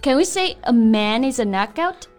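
A woman co-hosting a casual bilingual English lesson, lively and laughing often, switching between English and Mandarin. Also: a little high, moderate pace, soft background music. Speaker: co-host teaching English.

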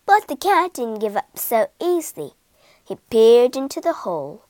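A woman reading a children's story aloud, slowly and expressively. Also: on the high side, very animated, mellow, dry recording. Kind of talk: scripted children's story narration.

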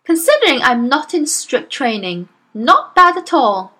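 A woman's voice: high voice, big pitch swings, unhurried, sharp tone, pitched above the performer's own voice, heavily acted. A woman voicing a huge, bullying headmistress who barks and bellows her orders in a storybook reading. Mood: smug. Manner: barking, bellowing. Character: huge bullying female headmistress, loud brute.

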